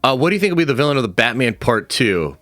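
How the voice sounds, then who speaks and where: Animated man hosting a livestream. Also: medium pitch, fast, dry recording, faint music behind. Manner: casual, animated, swears freely. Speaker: streamer host. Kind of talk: livestream commentary with chat.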